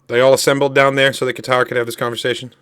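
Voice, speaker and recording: A man giving casual reaction commentary on a show, animated, loud and joking, with some swearing. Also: mid-range voice. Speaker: reaction host.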